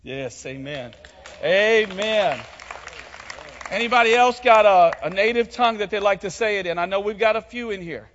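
A man's voice: high voice, expressive, normal speed, fairly bright tone, some chatter behind. A man preaching a sermon as pastor, calling on the congregation to join in and speak. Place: church hall. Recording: muffled sound with long hall reverb.

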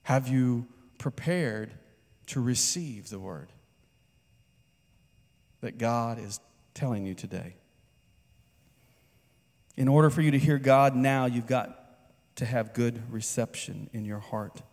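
In a church sanctuary, a conversational male pastor delivers a sermon and asks the congregation questions. His mid-range voice is slow and a little mellow, with long pauses, and the large hall adds long reverb.

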